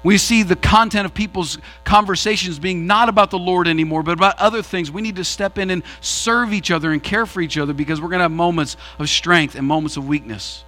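Male pastor, bright tense tone, dynamic preaching delivery, faint music under. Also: a little fast, hardly any pauses. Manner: preaching with sweeping shifts in pitch and pace. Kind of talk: sermon.

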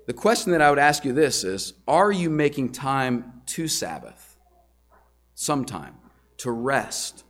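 Earnest male pastor preaching a sermon. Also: mid-range voice. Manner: earnest, repeats words and restarts, rhetorical questions. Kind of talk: sermon teaching.

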